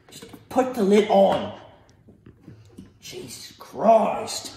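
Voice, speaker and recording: A man's voice: high-pitched, very animated, takes it slowly, creaky, pauses often. Bossy man hosting a mock cooking show. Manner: bossy, yelling insults and breaking into laughter. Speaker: parody cooking show host. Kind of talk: comic improvised cooking demo. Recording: roomy echoey room, faint noise.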